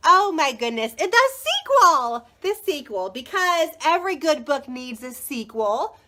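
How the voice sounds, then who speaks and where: Woman, 30s, live-video book seller. High, very animated, gushing, chats with viewers by name. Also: unhurried. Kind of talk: chatty live product showcase.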